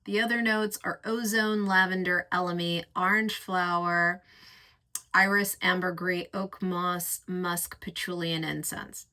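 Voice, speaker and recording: A woman with a low-set but bright, forceful voice reviews perfumes in an unhurried, chatty way. She lingers over each word and gushes about the scents with vivid, sensual imagery, taking her time to let each phrase land. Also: fairly even intonation. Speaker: fragrance reviewer. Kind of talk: casual reviewing chat.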